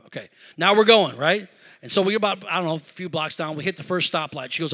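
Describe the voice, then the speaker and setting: A man preaching a sermon through a personal story, animated, shouting at the high points and dropping low for asides, in a large hall. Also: quick pace. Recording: echoey hall reverb.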